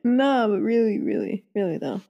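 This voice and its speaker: A woman hosting a podcast in a relaxed, chaotic chat, laughing often. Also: mid-range voice, moderate pace, vocal fry, muffled recording. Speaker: podcast host. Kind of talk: casual chat.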